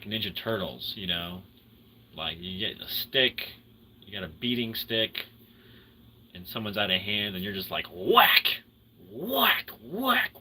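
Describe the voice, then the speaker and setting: A tired man hosting a casual livestream chat with viewers, rambling and swinging between loud excitement and low mumbles. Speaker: livestream host chatting with viewers.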